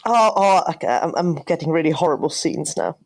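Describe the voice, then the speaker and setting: A woman from Italy, with Italian as her first language, co-hosting an archaeology podcast in a somewhat low voice. She speaks casually and hesitantly, often repeating words as she goes. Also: lively intonation, brisk, gravelly. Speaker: podcast co-host. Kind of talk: casual educational chat.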